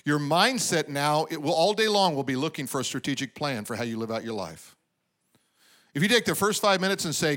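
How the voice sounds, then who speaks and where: A pastor's sermon comes through in a voice that's a little high, a bit bright, brisk, and lively in intonation. He stirs the audience with call-and-response asides and brings quotes to life by acting them out.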